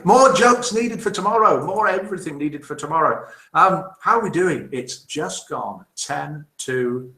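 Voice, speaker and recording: A man's voice: high voice, a little slow, sharp tone. A man hosting a casual live broadcast, chatting cheerfully and reading out viewer comments. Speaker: host of a live daily broadcast. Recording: roomy echo.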